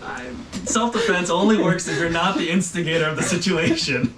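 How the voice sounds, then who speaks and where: A man's voice: fairly high pitch, animated, fairly quick, recorded from a distance. A man running a tabletop game as game master, rambling with many ums and uhs. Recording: noisy room, voice from off mic.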